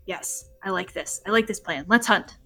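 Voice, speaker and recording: A woman's voice: medium pitch, normal speed, fairly bright tone, soft background music. Woman doing a spiny dog monster, short clipped lines, tabletop game. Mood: agreeable. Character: bristly spined female dog beast, gruff.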